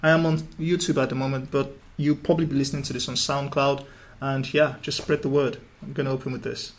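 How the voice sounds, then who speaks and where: A man's voice: medium pitch, level tone, fast. A man from Nigeria hosting a podcast, chatting casually and joking, often trailing off and restarting. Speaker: podcast host. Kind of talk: casual chat.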